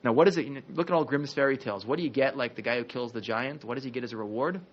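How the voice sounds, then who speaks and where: A man teaching a history class as a rabbi, telling the story in a lively, conversational way with jokey asides. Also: medium pitch, rapid-fire, highs cut off, slight background noise.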